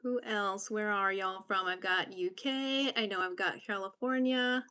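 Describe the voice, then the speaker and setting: A woman's voice: medium pitch, unhurried, bright, forceful tone, clean tone. Chatty, upbeat woman hosting a livestream. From Massachusetts. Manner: chatty, upbeat, greets viewers by name. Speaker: livestream host. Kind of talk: casual live-stream chat.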